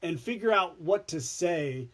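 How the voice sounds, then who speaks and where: High-voiced man telling animated stories. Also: unhurried. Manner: animated, frequent restarts and repeated words. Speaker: podcast guest, former TV news anchor. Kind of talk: casual storytelling chat.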